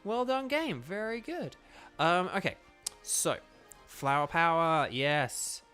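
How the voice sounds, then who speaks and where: A man's voice: fairly high pitch, expressive, takes it slowly, bright, forceful tone, clean tone, faint music behind. A man with a Northern Irish accent giving casual let's-play commentary, rambling with lots of fillers and restarts. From Northern Ireland. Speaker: gaming YouTuber and voice actor.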